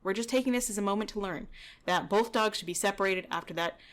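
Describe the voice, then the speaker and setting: Woman, dog trainer, mid pitch, relaxed conversational commentary over footage. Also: fast talker. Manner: relaxed, chatty, explaining with frequent "you know" and "kinda".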